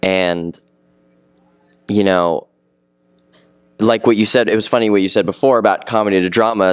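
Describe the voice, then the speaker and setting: A teenage young man with a low, deep voice, speaking eagerly and at length in a relaxed interview. His tone is smooth and clear, and the sound is close and dry with little room echo. He rambles and circles back on his own words. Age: teens. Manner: eager, rambling, repeats himself. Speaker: actor being interviewed. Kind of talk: casual interview chat.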